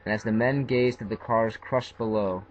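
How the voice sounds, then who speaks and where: A man narrating a scripted children's train story in a steady storybook reading. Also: fairly low pitch, moderate pace, a little hiss or hum, low-quality recording.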